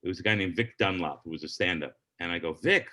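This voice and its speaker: A man's voice: sits low, fast, bright, forceful tone. A middle-aged man, a comedian on a podcast telling a long story and acting out the people in it.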